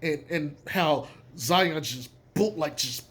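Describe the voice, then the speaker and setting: A man giving casual basketball opinions in an emphatic, profane, animated way. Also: fairly high pitch, takes it slowly. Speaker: sports commentator. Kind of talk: casual sports opinion talk.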